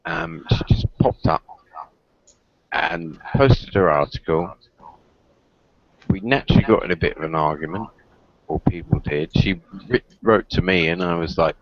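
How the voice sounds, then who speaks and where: A man's voice: low-pitched, normal speed, pauses often. A man hosting a casual stream, a bit drunk, rambling and correcting himself as he talks. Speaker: stream host. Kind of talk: casual podcast chat. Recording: muffled lo-fi stream with crowd noise.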